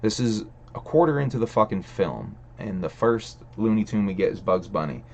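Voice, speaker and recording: A man's voice: fairly low pitch, expressive, moderate pace, gravelly, a little mellow, muffled recording. A man hosting a livestream, ranting in a casual, rambling way, swearing a lot and laughing between thoughts. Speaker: stream host.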